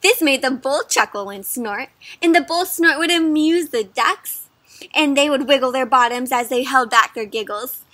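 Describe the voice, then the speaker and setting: Bright, high-voiced woman reading aloud. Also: normal speed, no echo. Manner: gentle, asks the listener questions. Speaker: children's storybook reader. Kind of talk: interactive read-aloud for kids.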